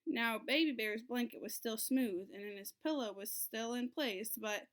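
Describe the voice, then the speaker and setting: A woman teacher reading a storybook aloud to children, in an expressive storytelling way. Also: a little high, normal speed, few pauses, very noisy. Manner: expressive, sing-song storytelling.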